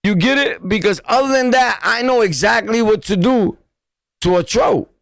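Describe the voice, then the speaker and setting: A man's voice: sits high, moderate pace, vocal fry, fairly bright tone, dry recording. A man with a New York accent hosting a casual livestream, talking bluntly in repetitive street slang. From New York City. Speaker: livestream host.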